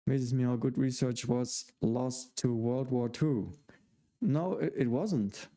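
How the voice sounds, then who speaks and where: A man's voice: medium pitch, takes it slowly, warm tone. A man with a German accent hosting a live question-and-answer stream, rambling and hesitant with many fillers and restarts. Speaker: host.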